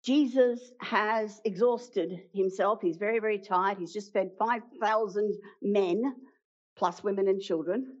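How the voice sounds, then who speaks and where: A woman preaching a sermon, retelling a story with dramatic pauses and acted-out quotes. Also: mid-range voice. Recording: dull lo-fi sound.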